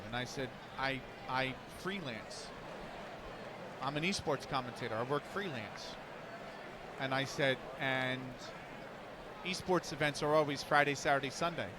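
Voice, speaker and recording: A man's voice: fairly high pitch, background noise. A man, an esports commentator, telling a long story casually on a live stream, rambling and restarting as he quotes others.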